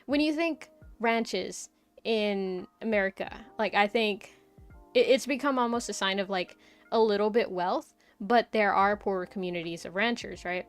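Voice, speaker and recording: Young woman, casual stream chat, rambling storyteller, mid-pitched voice, soft music behind. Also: normal speed, smooth. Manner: rambling storyteller, lots of "like" and "right?".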